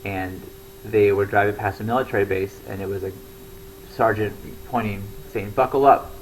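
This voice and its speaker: A man's voice: lowish voice, flat delivery, normal speed, slight background noise, rough recording. A young man talking casually to camera, rambling with lots of fillers and restarts. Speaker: comedy show regular.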